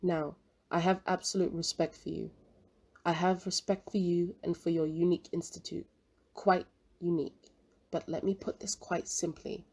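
A woman voicing an elderly male Chinese professor who speaks in a low, bitter, guarded tone. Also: level tone, normal speed, a little mellow, breathy edge. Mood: firm.

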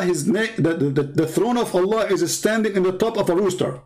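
A man's voice: high-pitched, brisk, hardly any pauses, a little mellow. Sarcastic Arabic-accented man, mocking. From Arab world. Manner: taunting, sarcastic, repeats words in bursts. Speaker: Christian apologist. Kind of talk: mocking polemical commentary.

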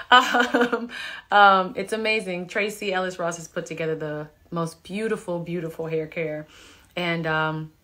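A woman in her thirties talks to her viewers through a phone live stream from home. Her delivery is unhurried and loose, chatty, with laughing asides as she reads their comments. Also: on the low side, a bit bright. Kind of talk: casual chat reading viewer comments. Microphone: phone camera.

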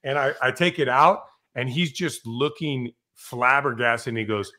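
Middle-aged male firefighter guest; lively storyteller who voices the people in his tales. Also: mid-range voice, measured pace. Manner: animated storyteller, swears, acts out quotes loudly. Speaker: podcast guest, fire captain. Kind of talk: casual storytelling.

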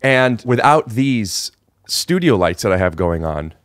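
A man's voice: fairly low pitch, sing-song, unhurried, no echo, studio quality. A man hosting a podcast from his living room, rambling and restarting as he chats with a guest. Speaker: podcast host. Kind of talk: casual chat. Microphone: podcast microphone.

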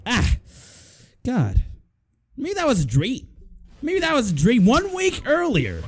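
A young man giving loud, joking commentary while playing a horror game, swearing and laughing often. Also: extremely high pitch, huge pitch swings, slow pace, slightly rough. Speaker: gaming video host. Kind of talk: let's play commentary. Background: game music.

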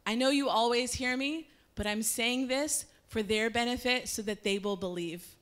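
A woman voicing Jesus as a calm grown man and teacher, in a plain steady way within a casual church retelling. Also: a little high, moderate pace, natural voice.

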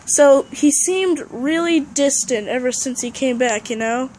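Woman doing a fed-up young actor, sarcastic, irritated, high voice, unhurried. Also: darkish tone, a little hiss or hum. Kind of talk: amateur comedy sketch acting.

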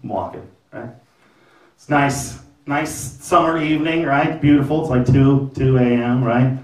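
A man doing a stand-up comedy set at a venue, telling a long story in an animated way and tossing in frequent "right?" asides. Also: medium pitch, measured pace. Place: comedy venue with live audience. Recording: roomy, from far off.

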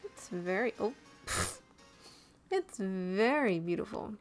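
A woman's voice: medium pitch, expressive, takes it slowly, soft background music. A woman giving casual, chatty commentary while playing a video game, easily delighted by what she sees. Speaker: let's play commentator.

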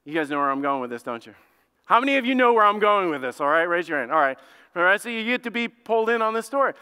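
A male pastor preaching in a sanctuary, animated and chatty, firing questions at his congregation. His voice is high, bright and clear. A long church-hall reverb trails every line. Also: fast. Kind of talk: sermon.

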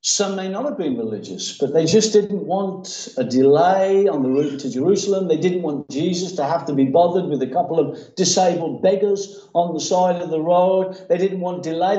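A man's voice: high-pitched, normal speed, hardly any pauses, dark tone. A man, preaching a sermon as pastor, acting out quoted voices with emphatic repetition. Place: church hall. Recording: roomy church sound from a distance, dull.

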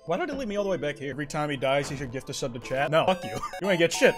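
A young man doing excitable, profane commentary while playing a fighting game. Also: on the high side, racing, faint music behind. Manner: excitable, swears a lot. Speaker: gaming streamer.

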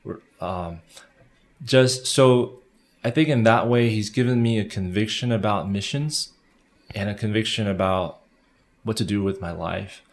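Guy in his 30s, kinda low voice, chatty storytelling w lots of restarts. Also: a little slow. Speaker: missionary guest. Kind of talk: conversational interview.

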